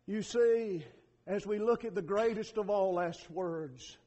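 A man preaching a sermon, citing scripture by chapter and verse and building to impassioned, near-shouted peaks. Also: sits high, takes it slowly. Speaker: pastor.

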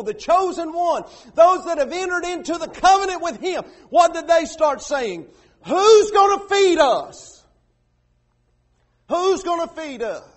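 A man, a pastor preaching a sermon in a folksy way, acting out quotes loudly. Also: very high-pitched. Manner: folksy preaching with sudden loud acted quotes.

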